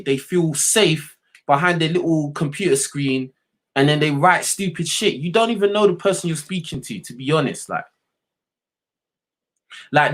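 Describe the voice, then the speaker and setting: Young streamer, slightly high voice, heated profane rant to chat. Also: male voice. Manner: blunt, profane, heated, repeats "you know what I mean". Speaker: livestream host. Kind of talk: unscripted rant to livestream chat.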